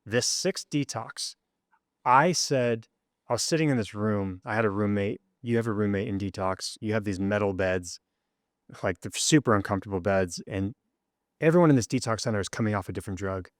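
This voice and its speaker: A man with a low, dry voice tells a personal story as a guest in a studio interview. He is earnest and gets animated as the story builds. The sound is close and free of room echo. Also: brisk.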